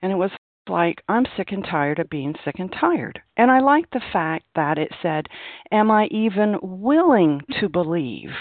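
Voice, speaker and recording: A woman's voice: fairly low pitch, animated, measured pace, no echo. A woman sharing her experience at a recovery meeting, earnest and repeating key phrases for emphasis. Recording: dry, tinny phone line.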